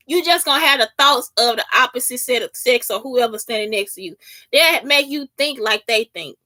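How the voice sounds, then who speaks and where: A woman delivers a casual solo podcast monologue in a high, bright voice. She is heated and profane and keeps turning to her listeners to ask whether they understand. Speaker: podcast host.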